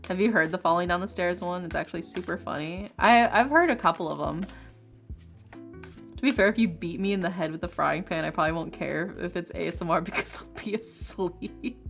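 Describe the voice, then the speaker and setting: A woman's voice: fairly low pitch, a little fast, creaky. Chatty, opinionated woman streamer. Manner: animated, opinionated, laughs often, emphatic. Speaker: streamer, ASMR creator. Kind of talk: casual chat on a livestream. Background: faint lofi music.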